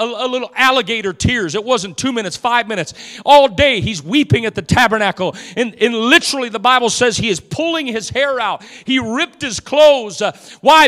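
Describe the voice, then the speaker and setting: A man preaching a passionate sermon as pastor, building up to shouts. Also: very high-pitched. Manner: impassioned preaching, swelling to shouts. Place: church sanctuary. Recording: church hall reverb.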